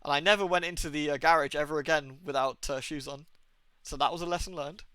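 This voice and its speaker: English male streamer, casual rambling tales, crisp tense tone, dry close sound. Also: on the high side, quick pace, dry recording. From England. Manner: rambling, sweary, animated storytelling. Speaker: game streamer. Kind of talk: casual storytelling chat.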